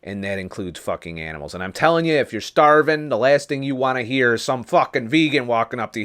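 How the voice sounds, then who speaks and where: A man's voice: mid-range voice, lively intonation, brisk, hardly any pauses, a bit bright. A man ranting on his vlog, swearing heavily, heated and sarcastic, talking into a camera mic. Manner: profane, heated ranting with mocking mimicry. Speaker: vlogger.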